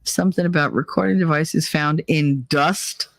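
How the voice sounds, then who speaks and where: A woman's voice: sits low, moderate pace, no echo. A woman hosting a livestream in casual chat, blunt and rambling, swearing freely. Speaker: livestream host.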